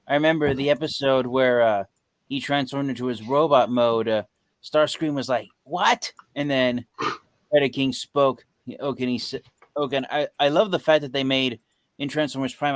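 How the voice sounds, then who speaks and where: A man co-hosting a live stream, chatting in a relaxed way and often answering with short agreeing sounds. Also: mid-range voice, normal speed, dry recording. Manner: relaxed, with frequent short backchannel replies. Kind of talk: casual fan chat.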